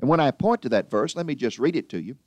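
A man preaching a sermon with emphatic delivery, slowing down to read scripture. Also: animated, a little mellow, no room sound. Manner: emphatic, swinging pitch for stress, slows on scripture.

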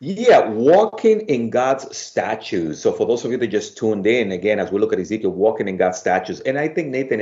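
A man's voice: fairly low pitch, muffled recording. A man with a Bronx Spanish accent hosting a Bible study program, chatting casually with many fillers. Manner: warm, laughs easily, many "uh" fillers.

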